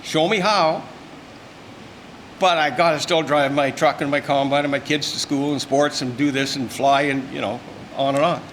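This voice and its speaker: A man's voice: on the high side, steady tone, normal speed, fairly bright tone, slight background noise. An older man, giving a folksy, emphatic, rambling informal speech at a luncheon. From Canada. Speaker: speaker at a luncheon. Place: event room.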